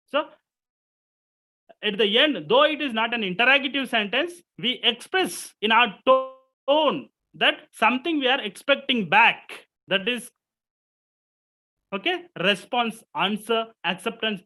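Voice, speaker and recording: A man's voice: very high-pitched, animated, unhurried, sharp tone, rough recording. A middle-aged man with an Indian English accent giving an online lecture, repeating key words and checking in with "okay?" after nearly every point.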